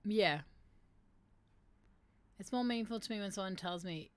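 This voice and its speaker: A woman streams a casual, reflective chat with no echo on the audio, reading statements aloud and reacting honestly and emotionally. She speaks at a moderate pace with a medium-pitched voice and long pauses.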